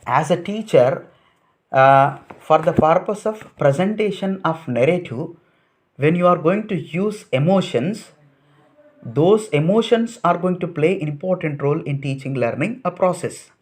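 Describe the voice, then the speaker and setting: A man with an Indian English accent, his voice sitting a little high, lectures trainee teachers. He works through his points one at a time, asks himself questions and answers them, and repeats key phrases as he explains. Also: expressive, unhurried. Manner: repetitive, list-like explaining with rhetorical questions. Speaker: teacher educator.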